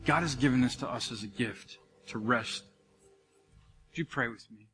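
A man preaching a sermon to his congregation, talking in an animated, conversational way with asides to the listeners. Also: mid-range voice, moderate pace, music in the background. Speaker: pastor. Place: church sanctuary. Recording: long reverb of a large church hall.

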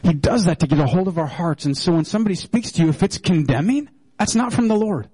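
A middle-aged male pastor preaching a sermon in an animated, joking manner. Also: fast, breathy edge, dry recording, rough recording. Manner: animated and joking, with wide swings in pitch.

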